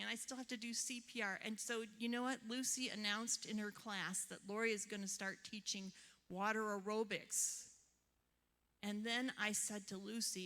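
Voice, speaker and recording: Bright-voiced woman therapist in a reverberant hall. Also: a little high. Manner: chatty storytelling with questions to the audience. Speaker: therapist leading a seminar. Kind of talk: seminar talk to a live audience.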